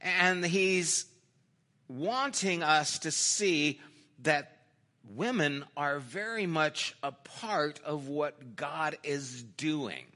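A man preaching a sermon as pastor, telling the story conversationally with small restarts and acting out quoted lines in a quieter voice. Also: fairly high pitch, drawn-out words. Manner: storytelling, acts out quoted lines in a dropped, softer voice.

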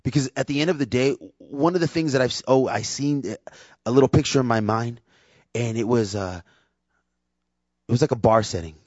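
A man's voice: medium pitch, moderate pace, pauses often, no room sound. A man preaching a sermon in a candid, conversational way, acting out little quotes as he goes. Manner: conversational, candid, acts out quotes in lively voices. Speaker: preacher and worship leader. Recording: dull, dry lo-fi sound.

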